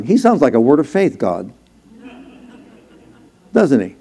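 Pastor, man in his sixties, higher-pitched but mellow voice, conversational sermon delivery with acted-out quotes. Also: very animated, unhurried, pauses often. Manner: conversational preaching, acts out quoted lines, gets louder and higher when worked up. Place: church sanctuary.

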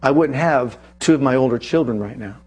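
A male preacher giving an animated sermon, telling a personal story and reading scripture aloud with emphasis. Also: medium pitch, fairly quick, slightly rough.

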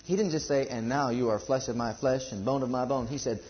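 A man's voice: fairly high pitch, animated, fairly quick, lo-fi sound, slight background noise. A man preaching a sermon to a congregation, building emphasis and asking rhetorical questions.

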